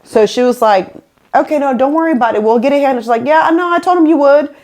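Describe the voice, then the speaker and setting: A woman's voice: high-pitched, fast. A woman podcast host telling a story in casual chat, acting out the people she quotes. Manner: animated, acts out quoted people.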